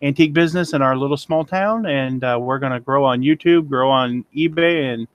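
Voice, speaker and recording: A man's voice: medium pitch, fairly quick, muffled recording. Joking laid-back man in his forties. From Missouri, USA. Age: 40s. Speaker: guest antiques dealer. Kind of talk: casual live-stream chat.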